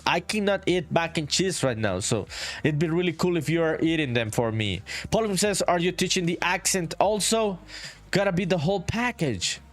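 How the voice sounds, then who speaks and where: A relaxed man with a voice pitched a touch high. He talks easily and informally as a solo game developer on a livestream, answering his chat with a friendly "dude" here and there. Soft music plays in the background. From Honduras. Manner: laid-back, reads viewer chat aloud, says "dude" often. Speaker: indie game developer streaming. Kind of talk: casual livestream chat while working.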